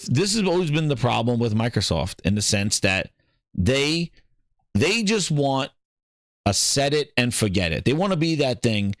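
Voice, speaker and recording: A man's voice: mid-range voice, dry recording. Casting: male podcast host, heated gaming rant, dry close sound. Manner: ranting, animated, repeats himself. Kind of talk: casual gaming commentary.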